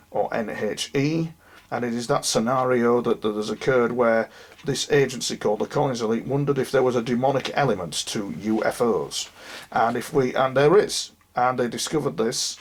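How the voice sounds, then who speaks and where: A man's voice: medium pitch, breathy edge. A man talking earnestly to camera about his experiences, rambling and addressing viewers directly, unwell and losing his voice. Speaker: UFO experiencer. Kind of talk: monologue to camera.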